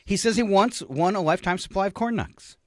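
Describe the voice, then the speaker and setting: A man's voice: high voice, animated, brisk. A man co-hosting a radio morning show, joking around, laughing often and stumbling over fillers as he chats with his co-host. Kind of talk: casual radio banter. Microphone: studio microphone.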